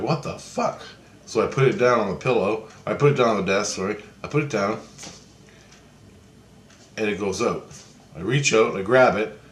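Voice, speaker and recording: A man's voice: fairly low pitch, fairly bright tone, slight background noise. A man casually telling a long story in a rambling, repetitive way, swearing freely. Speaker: vlogger. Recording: echoey room.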